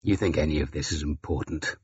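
A man voicing a gruff, battle-hardened older Saxon ealdorman who snarls and growls his blunt, weary words in an audiobook. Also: on the low side, lively intonation, normal speed, a bit bright, highs cut off. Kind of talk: audiobook character voice.

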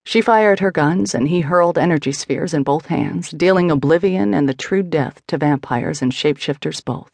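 A woman reading scripted narration for a fantasy romance audiobook, measured and expressive. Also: sits low, creaky, no echo.

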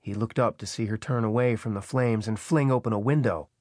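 A man's voice: lowish voice, a little fast, a little mellow, dry recording. A man reading a thriller audiobook with tense, dramatic narration, on a close studio microphone. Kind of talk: scripted narration. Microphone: close studio mic.

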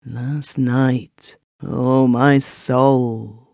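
A man voicing Butters, a quiet, shaken juror. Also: medium pitch, little pitch movement, creaky, no echo, clean studio sound. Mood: anxious. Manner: quiet, slow, trembling. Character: shaken, guilt-ridden older juror Butters. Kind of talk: audiobook character voice.

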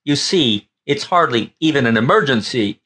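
A man voicing a gruff, irritable starship captain in an audiobook, curt and blustering. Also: medium pitch, expressive, normal speed, bright, forceful tone. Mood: flustered. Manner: curt and blustering, then flustered.

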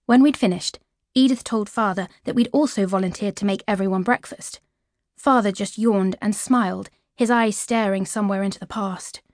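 A woman from the United Kingdom narrating a children's audiobook in a clear, lively storytelling manner. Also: mid-range voice, no room sound, studio quality.

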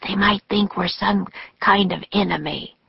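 Brief: a woman playing a cautious little boy, slow and gravelly, dry muffled audiobook sound. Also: mid-range voice, expressive, dry recording, voice pushed up, full character voice. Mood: whispering. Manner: careful, insistent. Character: cautious bookish young boy.

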